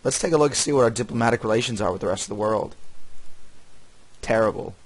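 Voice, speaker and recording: A man giving casual, rambling commentary while playing a strategy game, correcting himself often and dropping wry asides with soft chuckles. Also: on the low side, animated, fast talker, breathy edge. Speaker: gaming channel host.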